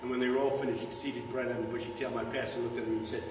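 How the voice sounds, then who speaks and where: A man's voice: medium pitch, fairly even intonation, fast talker, hardly any pauses, slight background noise. A man preaching a humorous sermon in a large church, building up phrases with rhythmic repetition. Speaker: guest preacher. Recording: echoey church hall, distant mic.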